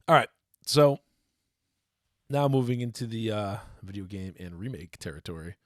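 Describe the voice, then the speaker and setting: Low-voiced man rambling on a podcast. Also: animated, normal speed, long pauses, no room sound, studio quality. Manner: rambling, self-correcting. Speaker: podcast co-host. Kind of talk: casual podcast chat.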